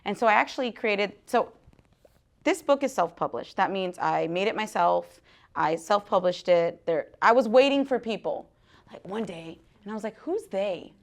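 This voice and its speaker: A woman in her thirties talking candidly to an audience at a book talk, animated, laughing often and dropping to hushed asides. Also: mid-range voice, normal speed, vocal fry. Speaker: guest author speaking at a book talk. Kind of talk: casual live talk to an audience.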